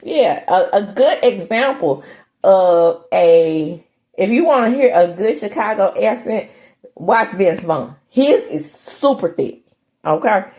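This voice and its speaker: A middle-aged woman from Mississippi hosting a casual podcast, chatty and animated, full of slangy asides. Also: on the low side, measured pace. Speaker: podcast host recapping a TV soap. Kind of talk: casual chat.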